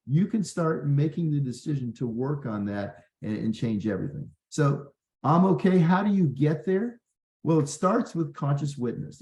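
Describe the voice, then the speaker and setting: A man's voice: medium pitch, mellow, roomy sound, low-quality recording. A man, a physician, hosting a workshop in an earnest, conversational way with many fillers. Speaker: physician and leadership workshop host. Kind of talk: workshop talk.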